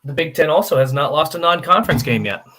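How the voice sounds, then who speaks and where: A man's voice: a little high, fast, pushed and bright. A man co-hosting a sports radio show, chatty and joking as he goes through results. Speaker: radio co-host. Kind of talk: casual sports radio chat.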